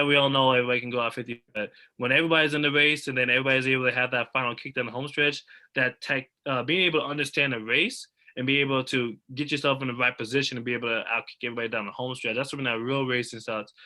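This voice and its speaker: A young man with a very bright, forward voice talks as a guest over a video call. He is animated and eager as he breaks down races, with the energy of a casual chat. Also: medium pitch, fast talker. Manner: animated, eager sports talk. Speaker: guest athlete.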